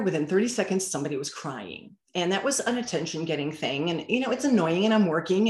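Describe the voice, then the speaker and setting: A woman guest telling parenting stories in casual interview talk, acting out bits of dialogue as she goes. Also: fairly low pitch. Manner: animated storyteller who acts out dialogue. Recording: roomy echo.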